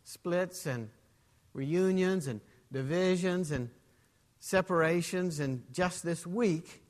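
A man preaching a sermon as pastor in a church, in a measured way. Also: high voice, long reverb tail.

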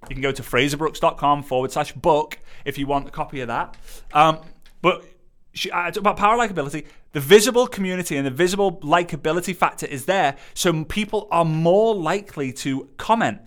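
A man, coaching an audience in an energetic, emphatic way and repeating phrases for effect. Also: on the high side, quick pace. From Liverpool, England. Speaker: business coach. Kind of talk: motivational teaching to camera.

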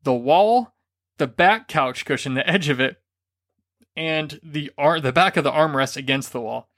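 Male podcast co-host, slightly higher voice, animated storyteller who acts out quotes. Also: measured pace. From grew up Catholic. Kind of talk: casual storytelling chat.

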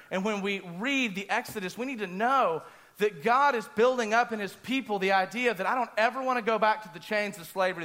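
A man preaching a sermon, telling a personal story in an animated way and acting out his own screams. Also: high-pitched.

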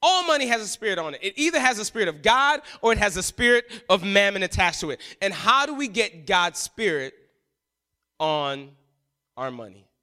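A man preaching a sermon from the pulpit, his voice high and bright. He swings from loud emphatic lines to near-hushed asides. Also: very animated, normal speed. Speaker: pastor.

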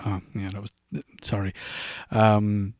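A man's voice: fairly low pitch, monotone, takes it slowly, a little mellow, no echo, studio quality. An Irish man in his forties, a podcast host rambling through funny anecdotes and laughing at his own stories. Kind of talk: casual anecdotal storytelling.

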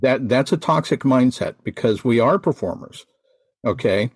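A man's voice: medium pitch, lively intonation, moderate pace, husky, no room sound. An American man who teaches Santa performers, giving emphatic, teacherly advice on a podcast and repeating his points. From United States. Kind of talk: instructive podcast talk.

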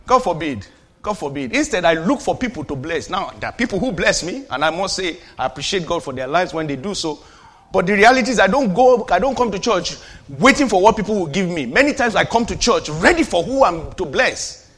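A pastor preaching a sermon in a high-pitched, ringing voice. He moves between loud declarations and hushed, personal asides, pulling the congregation in with call-and-response. His tone is bright and keen throughout. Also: expressive, brisk, slightly rough.

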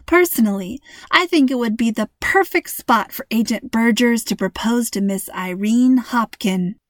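A cheerful, playful mother in a storybook, warm and teasing, read by a woman narrator. Her voice sits slightly high. The recording is dry and close. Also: lively intonation, normal speed, no room sound, natural voice.

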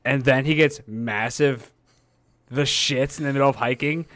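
A man co-hosting a podcast in casual chat, animated, swearing and laughing hard as he retells scenes. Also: mid-range voice, normal speed, no echo. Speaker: podcast co-host.

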